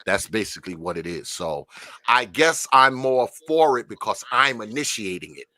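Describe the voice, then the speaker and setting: A grandfather in his fifties chats on a podcast in a laid-back way, leaning on "you know" and cursing freely. His fairly low voice is expressive, pushed and bright, at a normal speed.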